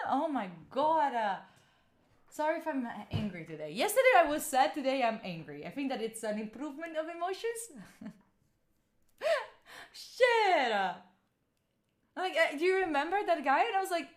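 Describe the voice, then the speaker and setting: Speaking English with an Italian accent, this livestreamer in her twenties has a high voice, a normal pace and frequent pauses. She talks frankly and animatedly with viewers, swearing freely and replying to what she reads in chat.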